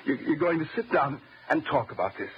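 A man's voice: a little high, expressive, fairly quick, lightly acted. A man playing a frightened husband who stammers and tries to placate his wife, in old-time radio drama style. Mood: nervous. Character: frightened pleading husband, soothing and nervous. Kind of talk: 1940s radio acting. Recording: dull old radio broadcast, faint hiss.

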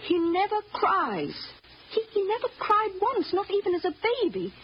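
A woman's voice: mid-range voice, lively intonation, normal speed, breathy edge. A woman acting a devoted housekeeper and mother in an old radio drama, earnest and emotional, stammering at times. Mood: impassioned. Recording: dull lo-fi old radio recording.

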